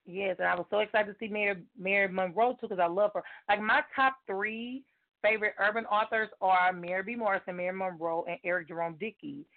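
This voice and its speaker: A woman guest on a chat show, an excitable storyteller who laughs often, heard over a video call. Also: mid-range voice, fairly quick. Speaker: guest author. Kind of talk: casual chat. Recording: phone-like call audio.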